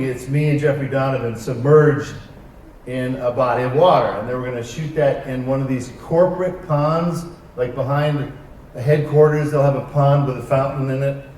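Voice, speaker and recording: A man on a convention stage telling wry, animated anecdotes to a live audience, acting out the dialogue in them. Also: a little high, a little hiss or hum. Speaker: convention panel guest. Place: large convention arena stage. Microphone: heard from far off by a camera in the hall. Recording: echoey hall recorded from far off.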